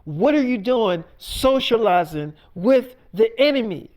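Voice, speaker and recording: A man's voice: very high voice, lively intonation, a little slow, a little mellow. A man voicing a hostile, protective teenage twin brother who talks bluntly and curses, in his own everyday voice. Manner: blunt, cursing.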